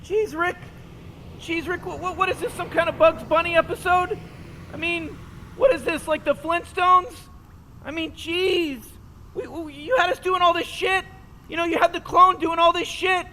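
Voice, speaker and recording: A man's voice: very high voice, fairly even intonation, moderate pace, bright, forceful tone. A man voicing an anxious, stuttering teenage boy sidekick in a video game, repeating words as he protests. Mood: exasperated. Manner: stammering, repeats words, exasperated. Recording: game audio with long reverb and faint noise.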